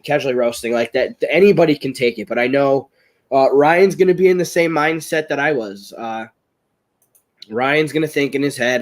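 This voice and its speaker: An American man at an ordinary pitch chats on a live webcam stream while a little unwell. He tells long stories in a rambling, excitable way and gets loud when the story heats up. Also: moderate pace. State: ill, voice strained. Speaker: guest, chili-eating champion. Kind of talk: casual live-stream chat. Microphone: webcam on a live video call.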